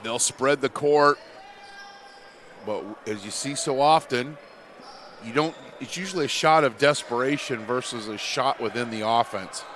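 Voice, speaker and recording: A man's voice: medium pitch, measured pace, a bit bright, a little hiss or hum. A man in his fifties giving basketball color commentary, explaining plays in a coach-like way. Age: 50s.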